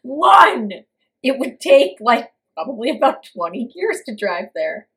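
A woman's voice: fairly high pitch, sing-song, unhurried, fairly bright tone, breathy edge. A woman co-hosting a podcast, talking in an incredulous, exclaiming way in a casual movie-review chat. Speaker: podcast co-host.

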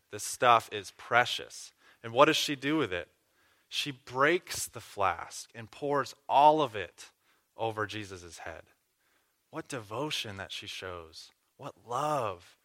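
A man's voice: on the low side, lively intonation, slow pace, pushed and bright. A man preaching a sermon, teaching earnestly through a scripture passage with questions to the listeners. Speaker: pastor.

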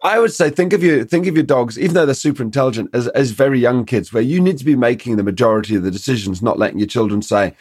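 A man's voice: medium pitch, fast talker, hardly any pauses, slightly rough, no echo, studio quality. A middle-aged man, a dog trainer in a podcast conversation, explaining his ideas and acting out little quotes from dogs and owners. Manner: animated storyteller, acts out dog and owner quotes.

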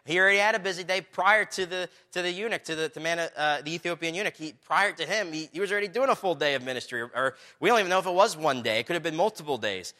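A young man delivers a sermon with a bright, forceful voice. He tells stories with energy and acts out the people he quotes, then presses his point with repeated phrases. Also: on the high side, fast, hardly any pauses. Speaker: pastor.

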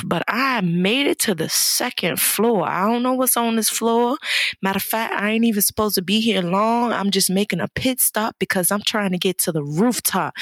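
A woman's voice: fairly low pitch, husky, dry recording. A woman hosting a motivational podcast, talking with exuberant, preacher-like energy and calling listeners baby and child. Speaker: podcast host and life coach.

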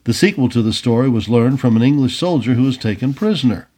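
A man narrates a historical adventure tale in an expressive storybook style. His voice is husky and mid-pitched. His intonation swings widely as he tells the story. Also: fast. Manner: expressive, animated reading. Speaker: audiobook reader.

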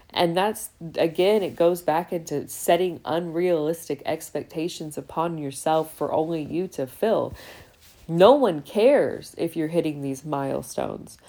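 A woman in her thirties with a low voice speaks in a casual, reflective podcast monologue. Her tone is soft and relaxed. She talks openly and a lot, and swears freely. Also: measured pace. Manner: candid and talkative, swears freely. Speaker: podcast host.

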